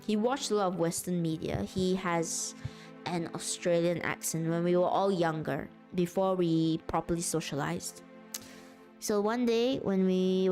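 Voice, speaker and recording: A woman's voice: mid-range voice, a little mellow. A woman chatting casually on a live stream, rambling and laughing often.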